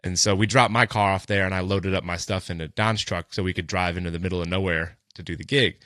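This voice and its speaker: A man's voice: low-pitched, steady tone, fast, sharp tone, no echo. A man on a podcast casually telling a long story, loose and profane, full of fillers. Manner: loose and profane, with many fillers like "like" and "you know". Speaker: podcast co-host.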